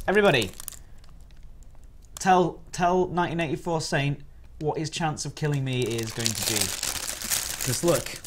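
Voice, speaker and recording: A man's voice: medium pitch, slight background noise. A man chatting and joking on a live stream as he reviews biscuits, rambling with restarts. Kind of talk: casual live-stream chat.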